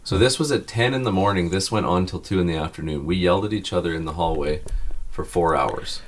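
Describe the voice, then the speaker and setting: Man, low-pitched voice, earnest storytelling, emotional and animated. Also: a little fast. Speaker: guest telling a family story.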